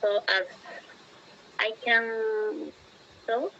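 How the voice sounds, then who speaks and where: A woman's voice: a little high, fairly even intonation, very slow, pushed and bright, dull audio, slight background noise. Hesitant Peruvian woman in her twenties. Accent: Peruvian Spanish. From Peru. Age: 20s. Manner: hesitant, searching for words, asks for repeats. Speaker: teacher. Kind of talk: casual English practice conversation.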